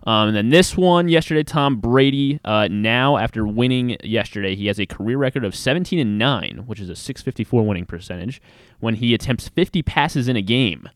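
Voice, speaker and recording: A man's voice: mid-range voice, expressive, a little fast, no room sound, clean studio sound. A man co-hosting a sports talk show, reading football stats in an easygoing way. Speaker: sports radio co-host.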